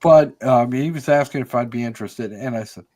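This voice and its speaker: An older American man chats as a guest on a podcast in an easy, meandering way. His voice sits at a middle pitch, and he often stops and restarts mid-thought, filling the pauses with ums and uhs. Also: warm tone. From United States. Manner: rambling, many fillers and restarts. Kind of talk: casual conversational storytelling.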